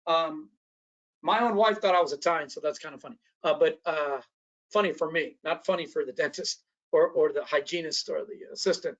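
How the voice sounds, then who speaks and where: A man's voice: on the high side, brisk, fairly bright tone, highs cut off. A man presenting an online training workshop, talking conversationally and often checking in with his listeners.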